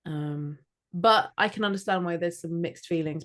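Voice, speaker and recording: Scottish-raised woman nearly forty, chatty and self-mocking, a bit low-pitched. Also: moderate pace, a bit bright. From Scotland. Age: 30s. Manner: chatty, laughs at herself, swears casually. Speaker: podcast co-host. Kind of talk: casual chat.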